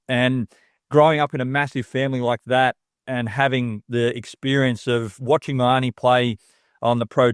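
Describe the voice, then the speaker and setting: A man's voice: medium pitch, smooth, no echo, clean studio sound. A man with an Australian accent, a tennis coach chatting as an interview guest, upbeat and full of casual slang.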